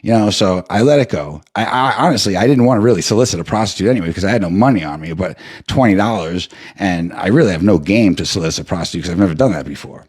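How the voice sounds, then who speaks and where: A man's voice: deep voice, animated, fast, hardly any pauses, darkish tone, breathy edge. A man hosting a livestream, telling a rambling story in a casual, profane way. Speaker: livestream host.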